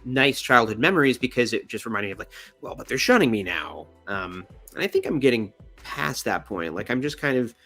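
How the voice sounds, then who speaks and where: A man's voice: fairly quick, faint music behind. A young adult man hosting his channel, rambling and joking in casual commentary on pictures. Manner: rambling, joking, animated pitch swings. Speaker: channel host.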